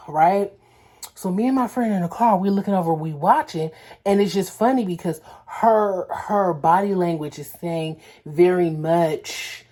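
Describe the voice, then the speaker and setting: A young woman from Los Angeles tells stories to her vlog camera in a casual, slang-heavy, animated way. Her voice sits a little low, with a mellow, slightly husky tone. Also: normal speed. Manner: animated, slangy storytelling with acted-out quotes. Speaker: vlogger.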